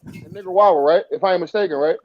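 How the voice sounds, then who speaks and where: High-voiced man in lively banter. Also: highs cut off. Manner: animated, slangy, quick to joke. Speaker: co-host. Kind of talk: casual chat.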